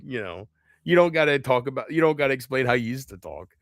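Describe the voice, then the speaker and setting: A man's voice: medium pitch, animated, fast, no echo, clean studio sound. A man rambling in a live chat, profane and self-mocking, laughing often between thoughts. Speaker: livestream host.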